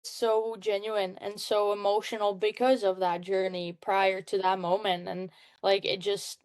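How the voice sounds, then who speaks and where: A woman's voice: mid-range voice, little pitch movement, a little slow, smooth. A young woman, a hockey player talking earnestly as an interview guest, at times searching for words. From Czech Republic. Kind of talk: casual interview.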